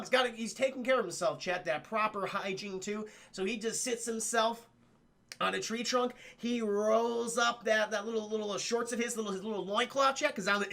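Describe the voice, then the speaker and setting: A man's voice: high voice, bright, forceful tone. A man livestreaming a casual film recap, rambling and profane, often addressing his chat. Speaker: film review streamer.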